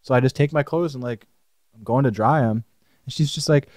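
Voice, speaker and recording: A young man co-hosting a podcast, telling a story in a casual, animated way and swearing freely. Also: medium pitch, fast, no echo, clean studio sound. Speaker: podcast co-host. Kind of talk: casual chat.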